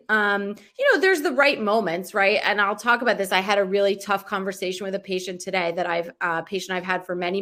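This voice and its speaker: A woman's voice: medium pitch, a bit bright. A woman in her thirties, a pediatric oncologist, chatting casually on a video call, with lots of "like" and "right?".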